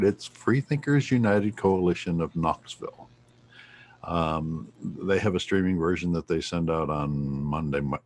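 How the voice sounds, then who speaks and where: A man co-hosting a community radio show, reading announcements and station details in a steady announcer manner. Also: low voice, a little hiss or hum.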